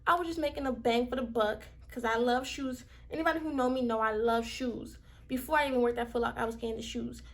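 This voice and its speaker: A young woman from Miami with a Southern accent, telling a workplace story in a casual, heated, animated way. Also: a little high, fast, few pauses. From Miami, Florida. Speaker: vlogger.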